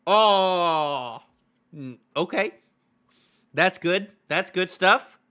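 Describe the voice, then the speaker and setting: A young man reacts live on a stream, laughing often and repeating himself. His voice is high and lively, and the swings in pitch are wide. The tone is bright and sharp. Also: drawn-out words, smooth. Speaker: manga review streamer. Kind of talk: live casual reaction chat.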